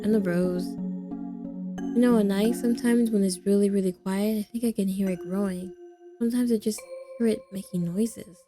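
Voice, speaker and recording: A woman's voice: medium pitch, fairly even intonation, normal speed, music in the background, close to an everyday voice. Woman voicing a worn-out, hollow young woman. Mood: weary, hollow. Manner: weary, hollow, bursts into bitter anger. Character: depressed, exhausted young woman, self-loathing. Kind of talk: visual novel voice acting.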